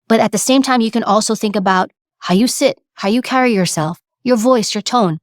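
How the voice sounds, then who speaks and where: A woman giving a motivational talk, animated and acting out examples as she speaks. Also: fairly high pitch, normal speed, hardly any pauses, no room sound, clean studio sound. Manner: animated, acts out examples, repeats words. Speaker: speaker on presence and communication.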